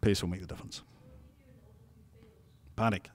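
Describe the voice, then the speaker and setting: A Scottish man with a somewhat low voice talks through interview answers in a loose, chatty way. He restarts his sentences often and drops in wry asides, in the manner of a seasoned news presenter. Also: fairly even intonation, moderate pace, darkish tone. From Scotland. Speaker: television news presenter and reporter.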